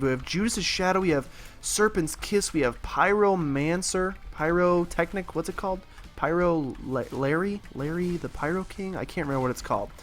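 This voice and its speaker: A young man in college rambling with sarcasm and lots of fillers while commenting on his gameplay as a let's play host, his voice a bit husky. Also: fairly high pitch, fairly bright tone. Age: young adult. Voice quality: slightly husky.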